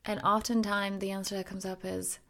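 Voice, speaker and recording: A woman in her thirties hosting her own podcast, talking reflectively and softly, often dropping close to a whisper. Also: medium pitch, flat delivery, moderate pace, creaky. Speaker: podcast host and coach. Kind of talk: reflective solo podcast talk.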